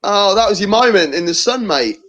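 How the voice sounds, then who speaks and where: A man with an English accent co-hosting a live football watchalong, chatting casually and getting excitable at big moments. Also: high voice, fairly quick. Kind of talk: casual live match reaction chat. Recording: loud crowd noise behind. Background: match crowd noise.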